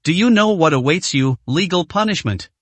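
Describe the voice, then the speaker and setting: A man's voice: a little high, lively intonation, normal speed, slightly rough, no room sound. A man voicing a stern middle-aged enforcement captain who barks orders in an audiobook story. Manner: stern, barking.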